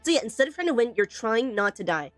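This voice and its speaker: A woman's voice: on the high side, very animated, fast talker, fairly bright tone, no room sound, faint music behind. Playful, teasing woman streamer. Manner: playful, teasing, emphatic with repetition. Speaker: streamer teaching a game weapon. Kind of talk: live stream tutorial, chatting with viewers.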